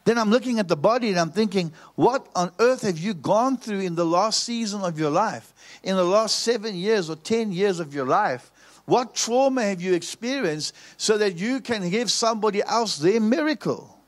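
A man's voice: high-pitched, lively intonation, moderate pace. A man preaching, telling a story and repeating phrases for emphasis. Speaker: pastor. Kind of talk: preaching sermon.

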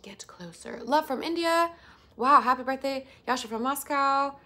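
A woman hosting a casual livestream, reading out and answering viewer messages in a bubbly, excitable way. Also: high voice, normal speed. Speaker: livestream host and voice actor.

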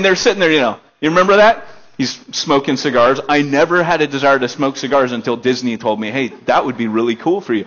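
A young American pastor tells stories from the pulpit in a casual, animated way, jumping between excited, loud asides and hushed, earnest stretches. His voice sits a little high for a man. The recording is dull and lo-fi. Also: brisk. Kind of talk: casual storytelling sermon. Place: elementary school meeting room.

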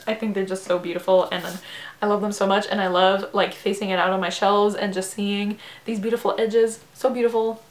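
A woman chats to camera about her books at home, gushing and enthusiastic and peppering her talk with "like". Her voice sits at an ordinary middle pitch. The room gives it a noticeable echo. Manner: gushing, enthusiastic, lots of "like" and "oh my god". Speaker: book vlogger. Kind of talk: casual vlog chat showing books.

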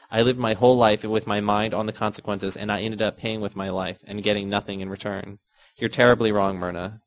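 A meek, tearful woman pleads with feeling, her voice pitched up and pushed louder. A man reads her part aloud in a storybook. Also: lightly acted, low-quality recording. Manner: pleading, emotional.

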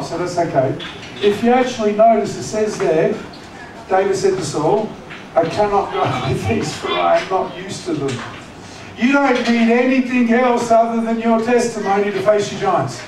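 A man preaching a sermon as pastor, conversational and teasing, often asking the congregation questions. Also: high voice. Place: church hall. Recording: echoey church hall, distant mic, noisy.

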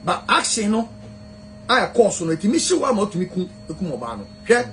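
Animated high-voiced Ghanaian man chatting. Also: fast, a little hiss or hum, rough recording. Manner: animated, switching between Twi and English. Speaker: celebrity guest. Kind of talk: casual chat.

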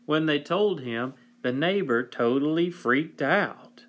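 A man reading a picture book aloud for children in a gentle, playful way. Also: a little high, takes it slowly, few pauses. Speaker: storybook reader.

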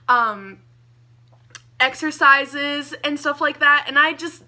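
A young woman gushing about a book she loved, talking casually and excitably with lots of "like" fillers. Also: high-pitched, takes it slowly. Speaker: book reviewer.

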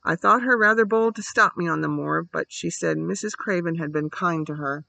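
A man voicing a gloomy, grieving gentleman guardian who speaks in a fretful, distracted way. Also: fairly high pitch, moderate pace, gravelly, a little hiss or hum, low-quality recording. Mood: weary gloomy.

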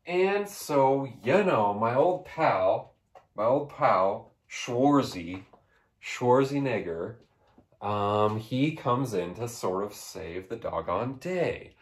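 A man's voice: mid-range voice, animated, slow. A man, the host, giving a rambling, goofy comedic recap of a movie, slipping into playful voices.

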